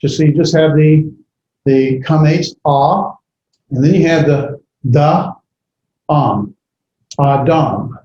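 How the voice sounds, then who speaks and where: A man lecturing a class on grammar, pausing often with fillers and correcting himself. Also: on the high side, fairly even intonation, mellow, slight background noise. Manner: halting, many fillers and self-corrections. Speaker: Bible language teacher. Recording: echoey classroom, dull lo-fi audio.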